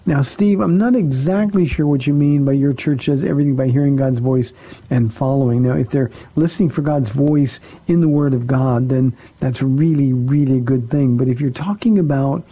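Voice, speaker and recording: Male pastor, call-in radio host; husky, dark, conversational teacher. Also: mid-range voice, moderate pace, rough recording. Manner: conversational, repeats words for emphasis.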